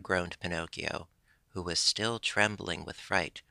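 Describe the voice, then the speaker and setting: A man narrates a classic storybook in a measured pace. His voice sits low with a gravelly texture and a bright, forward edge. The recording is close and dry. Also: fairly even intonation, dry recording. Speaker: audiobook narrator. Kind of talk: scripted narration.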